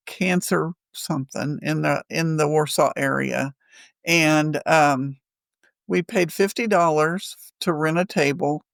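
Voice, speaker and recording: Chatty, gravelly woman. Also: low-pitched, no echo. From Missouri. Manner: chatty, rambling, laughs often. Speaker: podcast co-host. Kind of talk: casual storytelling chat.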